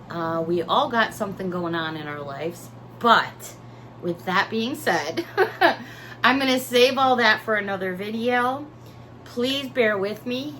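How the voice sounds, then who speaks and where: A woman's voice: mid-range voice, pushed and bright, slight background noise. A woman chatting through a shopping haul video, talkative and emotional, bubbling over about each item. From Hudson Valley region of New York. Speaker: haul vlogger. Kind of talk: casual haul vlog chat.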